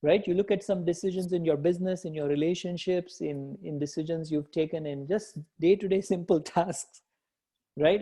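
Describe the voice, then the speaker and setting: A man's voice: fairly high pitch, normal speed, warm tone. Upbeat man coaching a live group. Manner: encouraging, repeats himself, answers live participants. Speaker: business coach. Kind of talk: live online coaching session.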